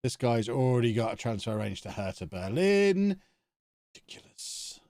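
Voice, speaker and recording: A man's voice: medium pitch, very animated, normal speed, warm tone, no echo, clean studio sound. A man, talking to himself in chatty commentary while streaming a video game live. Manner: chatty, thinking aloud to himself.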